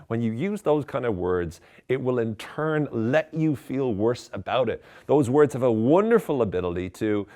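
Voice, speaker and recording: A man's voice: mid-range voice, dark tone. A man giving mock-serious, tongue-in-cheek self-help advice in a conversational, ironic way.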